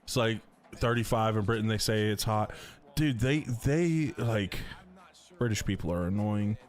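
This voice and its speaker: With faint music behind him, a middle-aged man from North Carolina speaks in a lowish voice at a measured pace. He's chatting and joking with gaming stream viewers, slangy and reading their chat aloud.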